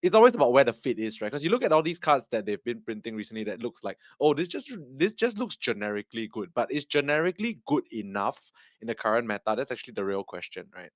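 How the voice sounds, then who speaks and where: A man co-hosting a gaming podcast, talking quickly and hedging with lots of "like". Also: mid-range voice, big pitch swings, no room sound, studio quality. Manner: fast, hedging, lots of "like" and restarts. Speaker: podcast co-host. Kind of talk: casual gaming podcast chat.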